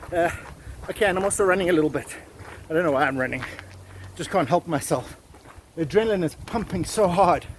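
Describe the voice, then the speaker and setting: A man hosting a vlog outdoors at old stone ruins, excitedly exclaiming and repeating himself into a handheld camera mic. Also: sits high, slight background noise. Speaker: vlog host exploring ruins. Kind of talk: excited on-the-spot vlogging.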